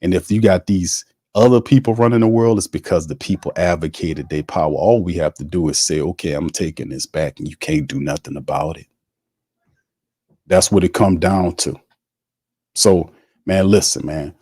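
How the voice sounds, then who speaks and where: Heated low-voiced sports podcast man. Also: moderate pace, dark tone, breathy edge, dry recording, studio quality. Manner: heated, colloquial, talks to the chat. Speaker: podcast host. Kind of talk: sports talk commentary.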